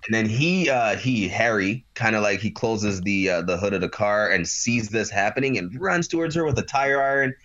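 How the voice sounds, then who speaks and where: A man's voice: fairly low pitch, normal speed, few pauses, highs cut off. A man in casual chat, animatedly retelling a show's plot with lots of fillers. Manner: animated storyteller with many fillers.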